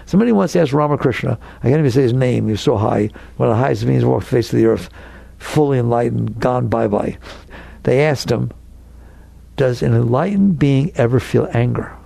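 An older man giving a spiritual talk to an audience, animated and playful, often mimicking the worried voices of anxious people. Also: mid-range voice, fairly quick, vocal fry, husky, no echo. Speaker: spiritual teacher.

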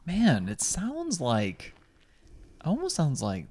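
A man co-hosts a casual true-crime podcast, reacting to the story and working through his thoughts aloud. His voice is lively, with a wide, bouncing pitch range. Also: slow, husky. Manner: reactive, thinks aloud, animated. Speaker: podcast co-host.

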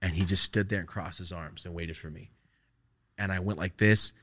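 A man hosting a podcast, telling a comic story casually with lots of swearing and animated energy. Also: sits low, normal speed, no echo, clean studio sound. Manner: animated, profane, acts out quoted lines. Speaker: podcast host.

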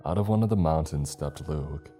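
In a very deep, dark voice, a male narrator reads a first-person horror story with steady, measured delivery. Faint music plays beneath him.

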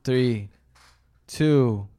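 Slow-talking young man running a party quiz. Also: medium pitch, dark tone. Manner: laughing, swearing, announcing questions. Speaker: quizmaster of a drinking trivia game. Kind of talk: rowdy casual game hosting.

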